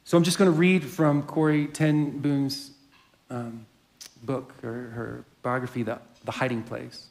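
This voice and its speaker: A pastor giving a sermon and reading a story aloud in a reflective storytelling manner. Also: male voice, medium pitch, level tone, a little slow, gravelly, darkish tone.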